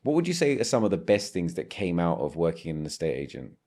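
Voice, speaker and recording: A man's voice: low-pitched, very animated, fast, warm tone. A man hosting a podcast interview, asking long, winding conversational questions. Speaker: podcast host.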